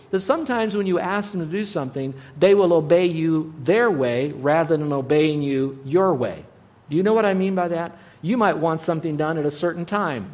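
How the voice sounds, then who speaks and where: A man giving a radio Bible teaching in an earnest, conversational way, often dropping to a softer voice. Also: a little high. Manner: earnest, conversational, with frequent soft drops in volume.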